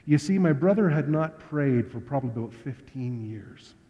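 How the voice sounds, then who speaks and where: A man preaching a sermon, telling stories in a relaxed, conversational way. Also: mid-range voice, normal speed. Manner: conversational, anecdotal storyteller. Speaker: pastor. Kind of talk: storytelling sermon. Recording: dull lo-fi sound with long hall reverb.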